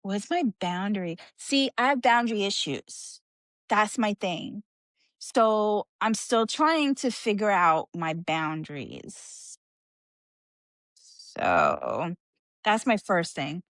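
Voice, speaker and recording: A woman's voice: mid-range voice, big pitch swings, takes it slowly, a bit bright, no echo. A woman co-hosting a podcast in casual chat, talking freely with lots of fillers. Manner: chatty, filler-heavy, frequent "like". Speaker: podcast co-host.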